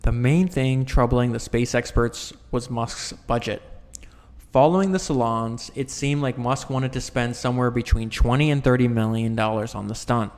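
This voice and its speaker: A man at an ordinary middle pitch reads a nonfiction book aloud. He often trips over words and restarts the sentence, and he drops in offhand explanations for the listener. His voice rings with a long echo, as if he is in a large hard room. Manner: stumbles and restarts mid-sentence, corrects himself. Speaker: book reader and commentator. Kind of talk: reading a nonfiction book aloud with casual asides.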